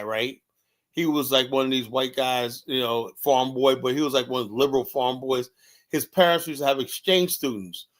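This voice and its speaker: Telling anecdotes in a casual podcast chat, a male host uses a medium-pitched, fairly bright voice. "Right?" comes up again and again as he checks in.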